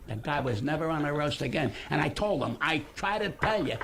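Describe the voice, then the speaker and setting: A man's voice: on the high side, fairly quick. A man in his seventies, a comedian guest on a radio show, telling stories in a brash, profane, lecturing way. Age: 70s. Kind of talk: radio interview storytelling. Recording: archived radio clip with steady hiss.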